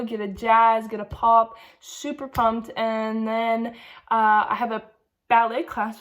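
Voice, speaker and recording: Chatty woman rambling through her day. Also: a little high. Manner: rambling, chatty, heavy use of "like". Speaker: vlogger. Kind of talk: casual diary vlog storytelling.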